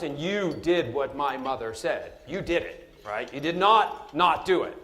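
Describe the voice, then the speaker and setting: A man giving a storytelling speech, animated and humorous, with asides to the audience. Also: on the high side, a little slow, few pauses. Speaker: motivational speaker. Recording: roomy hall with music behind.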